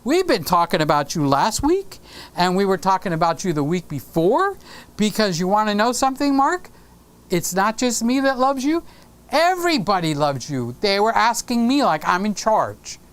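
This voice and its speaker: A man's voice: high-pitched, very animated, moderate pace, a bit bright, smooth. A man hosting a casual live stream from his home studio, playfully teasing viewers and greeting them by name.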